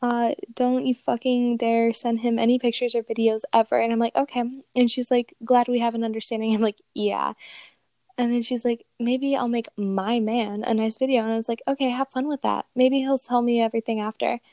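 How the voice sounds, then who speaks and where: A woman's voice: a little high, little pitch movement, a little fast, dark tone, dry recording. A young woman casually telling a profane, amused story and reading out chat messages aloud. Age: young adult.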